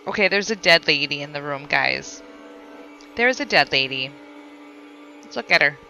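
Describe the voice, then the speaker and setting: A woman's voice: low voice, lively intonation, moderate pace, gravelly, bright, forceful tone, dull audio, faint music behind. A woman streamer playing a horror game, chatting with her viewers and reading the notes she finds aloud. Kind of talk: casual let's play commentary.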